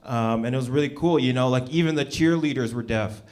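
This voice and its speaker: A young man doing a stand-up set at an open mic, with a loose, halting delivery full of ums. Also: mid-range voice, a little mellow. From Canada. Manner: laid-back, halting delivery with many ums. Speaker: stand-up comedian. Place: small comedy venue with a live audience.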